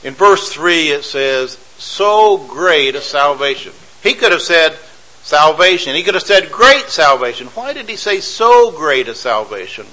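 A man's voice: on the high side, big pitch swings, moderate pace, sharp tone, poor audio. A man preaching a sermon, emphatic and repetitive, building lists of phrases and asking rhetorical questions.

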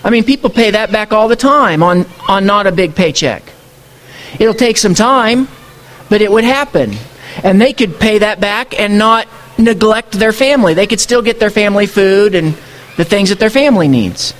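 High-voiced man preaching conversationally. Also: expressive, normal speed, a bit bright. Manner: conversational preaching with rhetorical questions. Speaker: pastor. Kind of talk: sermon.

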